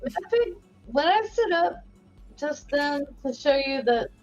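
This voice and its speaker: A woman's voice: high-pitched, animated, unhurried, faint music behind. A woman, a teacher, telling crude self-mocking stories in a casual video chat. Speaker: guest teacher. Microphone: video call. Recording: dull lo-fi call audio.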